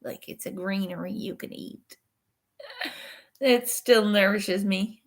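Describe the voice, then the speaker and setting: A woman's voice: mid-range voice, fairly even intonation, takes it slowly, gravelly. A woman vlogging in casual, rambling chat, swearing freely and laughing often.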